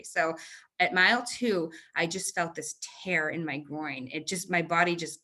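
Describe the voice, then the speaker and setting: A woman in her thirties, a marathon runner, telling stories in an interview on a video call, animated, with quick restarts and fillers. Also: on the low side. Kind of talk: conversational interview storytelling.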